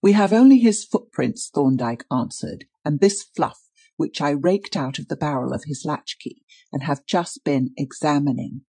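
Picture a calm, learned forensic doctor from an old detective audiobook, as a man reads him. He lays out evidence in a measured, patient manner. The voice is mellow and a little husky. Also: on the high side. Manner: measured, explanatory. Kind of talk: audiobook reading.

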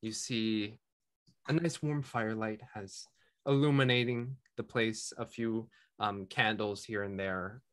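A man narrating as game master in a tabletop game, with a relaxed, rambling way of talking. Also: lowish voice, measured pace, clear, resonant tone.

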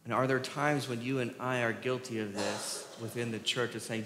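A man preaches in a church sanctuary at a mid-range pitch, putting questions to the congregation and answering them himself. His voice carries through a roomy hall with a long reverb tail. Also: steady tone, moderate pace, background noise. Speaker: pastor. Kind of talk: sermon.

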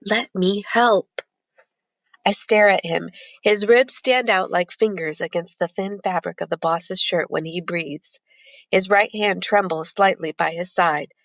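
Low, dry-voiced woman reading a novel. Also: fairly bright tone, no room sound. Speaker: audiobook narrator. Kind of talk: first-person novel narration.

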